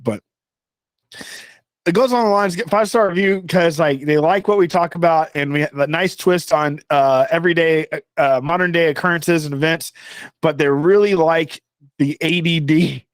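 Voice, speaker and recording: Male podcast co-host, a touch higher than average, dry close mic. Rambly, distracted, casual with profanity. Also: dry recording. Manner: rambling, easily distracted, swears freely. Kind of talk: casual chat.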